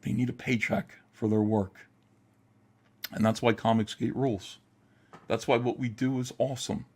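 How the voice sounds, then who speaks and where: A man's voice: medium pitch, little pitch movement, normal speed, a little mellow. Angry man ranting on a livestream. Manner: heated, profane, emphatic. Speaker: livestream host. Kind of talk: angry livestream rant and chat reading.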